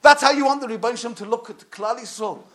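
High-voiced man preaching with passion. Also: fast talker. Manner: impassioned, swings from loud to hushed. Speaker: rabbi. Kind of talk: sermon.

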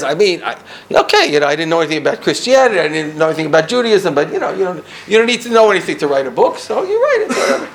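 An older man from the United States telling a personal story, swinging between loud bursts and hushed asides. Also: on the high side, big pitch swings, rapid-fire, few pauses, slight background noise.

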